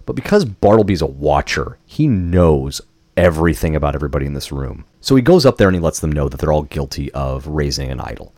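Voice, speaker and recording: A man's voice: very deep voice, very animated, brisk, darkish tone, no echo. A young man co-hosting a podcast, chatting casually and swearing as he retells a film scene. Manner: chatty storytelling with laughs and swearing. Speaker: podcast co-host. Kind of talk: casual chat recapping a film.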